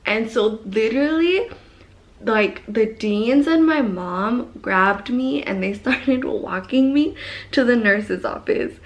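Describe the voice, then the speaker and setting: A young woman tells a story straight to camera, animated and loose. She swears freely and wanders into side comments as she talks. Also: a little high, takes it slowly. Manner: animated, swears a lot, rambling asides. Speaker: vlogger. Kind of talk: casual story time.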